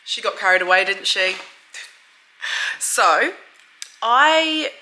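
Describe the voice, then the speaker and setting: At home indoors, a beauty vlogger chats casually to camera, effusive and full of "like" and "guys." She sounds slightly stuffy and bunged up, speaking slowly and expressively in a mid-range voice, with background noise present.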